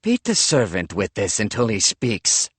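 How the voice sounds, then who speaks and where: A man reading an audiobook voices a harsh, blindfolded enemy commander who speaks slowly and coldly. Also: lowish voice, huge pitch swings, a bit bright, breathy edge, dry recording, heavily acted. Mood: menacing. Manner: cold, slow and threatening.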